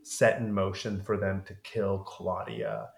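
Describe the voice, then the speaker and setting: A man co-hosting a podcast, chatting casually about a film and dropping into squeaky voices for quotes. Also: reverberant. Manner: animated, rapid run-on retelling with squeaky quoted voices. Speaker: podcast co-host.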